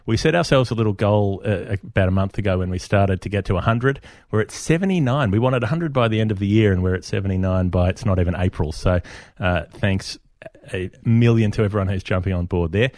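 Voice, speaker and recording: A man's voice: lowish voice, fairly quick, darkish tone, dry recording, studio quality. A man, co-hosting a casual podcast chat in a wry, chatty way and thanking listeners by name. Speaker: podcast co-host.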